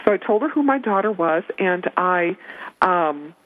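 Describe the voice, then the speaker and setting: A woman's voice: lowish voice, animated, unhurried. A woman giving parenting advice on a talk show, earnest and emphatic, often repeating her key points. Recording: narrow phone-line sound.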